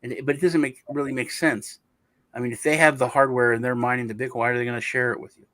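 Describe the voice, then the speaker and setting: A man's voice: mid-range voice, steady tone, quick pace, fairly bright tone, no echo. A man hosting a casual crypto chat show, rambling through stories with lots of fillers and restarts.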